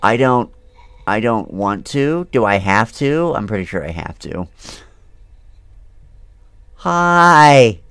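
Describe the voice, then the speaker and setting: A man's voice: on the low side, lively intonation, measured pace, clean tone, no room sound. A man playing a horror game and talking to himself, jumpy and swearing, breaking into nervous laughter. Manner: talks to himself while playing. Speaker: gaming video host. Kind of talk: casual horror game commentary.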